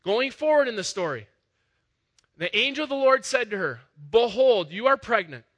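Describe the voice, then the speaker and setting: A man preaching a conversational sermon, rising to loud emphatic peaks as he retells a story. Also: very high voice, animated, moderate pace. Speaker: pastor.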